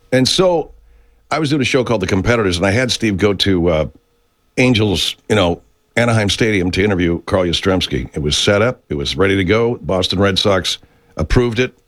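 Male radio host, deep husky voice, swinging pitch, profane meandering monologue. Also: lively intonation, normal speed, no echo. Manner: profane, meandering, easily sidetracked. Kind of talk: rambling studio monologue.

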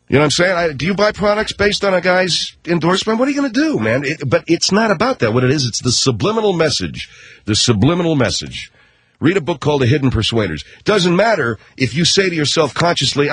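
A man's voice: fairly high pitch, very animated, quick pace, fairly bright tone. A middle-aged man from the Los Angeles area, a radio host rambling through a sarcastic monologue.

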